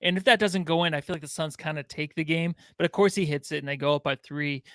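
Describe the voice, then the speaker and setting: A man with a fairly high voice co-hosts a casual sports podcast. He rambles loosely, throwing in swearing and filler. The sound is dry and close. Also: quick pace, fairly bright tone, no echo. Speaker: podcast co-host.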